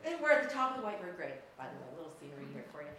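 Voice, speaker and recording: A woman telling a personal story to an audience, animated and laughing often, pausing for effect. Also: fairly low pitch. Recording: echoey room, faint background noise.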